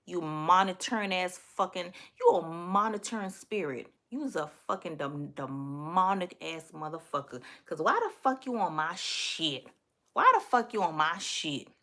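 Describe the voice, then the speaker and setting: Brash, lively Miami woman ranting. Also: on the low side, measured pace. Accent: Miami, Southern US. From Miami, Florida. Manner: profane, blunt, trash-talking. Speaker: livestream host. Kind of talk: casual livestream rant to viewers.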